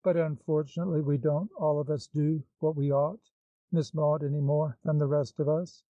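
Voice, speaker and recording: Give me an anxious, devoted old woman who pleads and frets, as a man reads her, in a mellow voice. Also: fairly high pitch, flat delivery, normal speed, no room sound, close to an everyday voice. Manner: pleading, fretful. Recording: slightly dull, dry recording.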